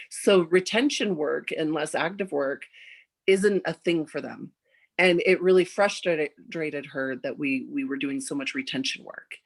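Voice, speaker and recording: A woman in her forties tells a story on a podcast with a lively, animated delivery. Her voice sits a little low, and she leaps upward when she acts out what others said. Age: 40s. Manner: animated, acts out quoted dialogue with big jumps in pitch. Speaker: podcast guest. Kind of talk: casual storytelling.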